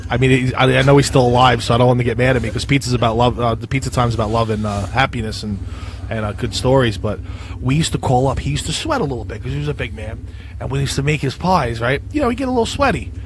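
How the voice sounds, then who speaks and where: A man's voice: mid-range voice, fast talker, a little hiss or hum. A man co-hosting a casual chat, telling old neighborhood stories with plenty of laughter. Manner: laughing storyteller, acts out crank calls. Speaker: co-host.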